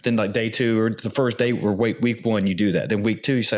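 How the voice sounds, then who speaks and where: A man's voice: fairly low pitch, steady tone, a little fast. A man hosting a podcast, chatting casually and rambling through his points. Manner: rambling, many fillers and restarts. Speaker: podcast host.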